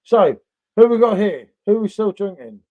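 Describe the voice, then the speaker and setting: A man's voice: high voice, sing-song, normal speed. A man hosting a live beer review stream, chatting jokily with viewers and calling everyone mate. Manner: jokey, matey. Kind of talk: casual live-stream chat. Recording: lo-fi dull live-stream audio.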